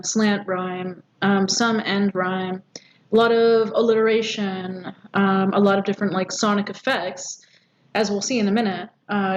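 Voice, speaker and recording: A woman teaching a poetry lesson, explaining step by step with frequent ums and rhetorical questions. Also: mid-range voice. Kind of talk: recorded poetry lecture. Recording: dull audio with faint background noise.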